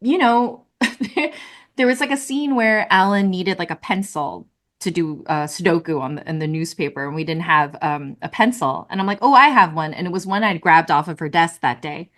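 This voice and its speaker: A woman puppeteer, a guest on a video-call interview, telling lively stories with lots of laughter and fillers. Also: on the low side, moderate pace. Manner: animated, laughing, many fillers. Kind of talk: casual interview storytelling.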